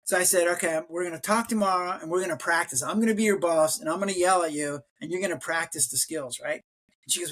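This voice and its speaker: A man's voice: high-pitched, fast talker. An older man, a retired physician, talking casually as a podcast guest and acting out quoted lines with a raised voice. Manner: animated storyteller, acts out quotes in raised voice. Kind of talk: casual interview talk.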